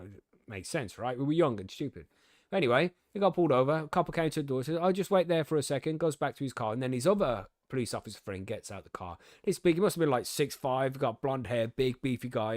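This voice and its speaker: A young podcast host from the UK, loose and loud-mouthed, swearing and laughing as he tells stories and reads the news. His voice sits at an ordinary male pitch, recorded dry and close with no room sound. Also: expressive, fast talker, no echo. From United Kingdom. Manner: swearing, laughing, gobby storytelling. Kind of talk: casual chat, reading news aloud.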